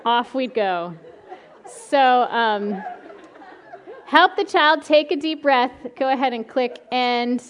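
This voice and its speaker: A middle-aged woman giving a talk on calming angry children, telling lively stories from her own family and work, often laughing and acting out the children's voices. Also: sits high. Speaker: child behavior specialist giving a parenting talk. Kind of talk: presentation with slides.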